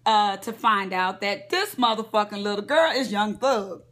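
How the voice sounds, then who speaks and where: A woman's voice: mid-range voice, lively intonation, moderate pace, few pauses, a bit bright. A woman vlogger lying in bed at home, gossiping about celebrities in a chatty, profane way and talking straight to her viewers. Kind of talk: casual celebrity gossip rant.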